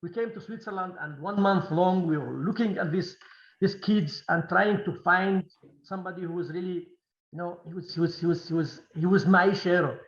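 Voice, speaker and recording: A man who speaks Kurdish as his first language, a film director answering questions in a halting Q&A, restarting and repeating words often. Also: sits high, roomy sound, lo-fi sound. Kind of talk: Q&A interview.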